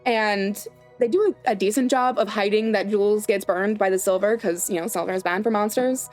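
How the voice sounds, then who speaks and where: A woman's voice: medium pitch, fairly even intonation, brisk, darkish tone, faint music behind. A woman hosting a casual, chatty recap of a series, digressing and asking rhetorical questions. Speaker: show host recapping a series.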